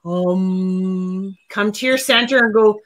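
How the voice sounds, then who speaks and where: A woman's voice: mid-range voice, slow, a bit bright, poor audio. A woman co-hosting a casual livestream, giving a tarot reading as earnest, rambling advice full of restarts. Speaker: co-host reading tarot cards.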